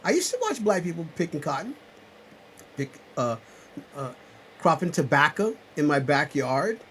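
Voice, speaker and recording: A man's voice: fairly high pitch, big pitch swings, moderate pace, low-quality recording. Man from South Carolina hosting a live chat from his home computer, rambling and preachy, raised voice, fair hiss. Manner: rambling, swings from loud insistence to muttered asides. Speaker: channel host on a live chat. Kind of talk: rambling preachy livestream talk. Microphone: computer webcam mic.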